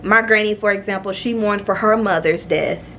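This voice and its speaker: A woman vlogger telling a personal story to her viewers, earnest and confiding, repeating herself and jumping up high in pitch when she gets emphatic. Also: moderate pace, a bit bright, slight background noise. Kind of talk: candid personal storytelling to camera.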